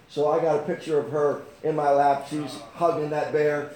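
A man in his sixties preaching a testimony sermon, halting with fillers and restarts, rising to fervent outbursts. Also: on the high side, level tone, a little mellow. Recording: roomy echo.

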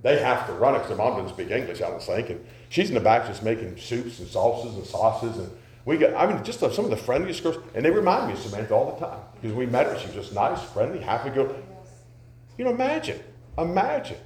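A man preaching a sermon, telling folksy stories and rising to loud, emphatic questions. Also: mid-range voice, very animated, a little fast. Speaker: pastor. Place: church sanctuary. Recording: echoey church sanctuary.

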